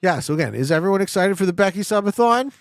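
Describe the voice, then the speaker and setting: A Canadian man streaming a game, bantering loosely with his chat and cursing when a guess goes wrong. His gravelly voice swings widely in pitch as he jokes and reacts. The sound is dry and close, with no room around it. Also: fast talker, no echo. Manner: profane, excitable, joking banter with chat. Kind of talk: casual live-stream commentary while playing.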